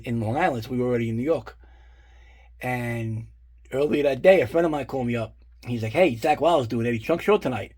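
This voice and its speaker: A middle-aged collector swears freely and rambles as he displays his guitar picks, filling the casual show-and-tell with asides and fillers. His voice is medium in pitch with a darkish tone.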